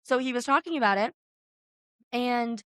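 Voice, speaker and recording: A young woman, co-hosting a casual podcast, tells a story and keeps jumping into the voices of the people in it. Her voice sits a little high, and the sound is dry and close. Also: normal speed, clean tone, no room sound. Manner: animated storytelling, acting out quotes with big pitch jumps. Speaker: podcast co-host. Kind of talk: casual chat.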